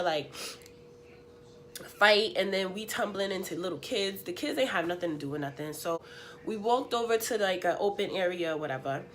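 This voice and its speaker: A young woman vlogger, sniffly and unwell, telling a story in an animated, slangy, emphatic way. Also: medium pitch, slight background noise. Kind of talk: story time.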